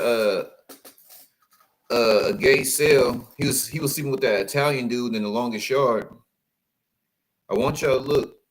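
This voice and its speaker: A man giving casual, animated commentary as he reacts to photos, calling out to his viewers. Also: mid-range voice, low-quality recording. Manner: animated, exclaiming, addresses viewers as y'all.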